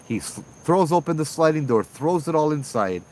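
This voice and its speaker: A man with a Hawaii local accent telling a ghost story casually, animated, acting out the voices of people in it. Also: fairly high pitch, moderate pace, slight background noise, poor audio. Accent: Hawaii local English. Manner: animated, acts out voices in dialogue. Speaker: ghost tour guide and storyteller.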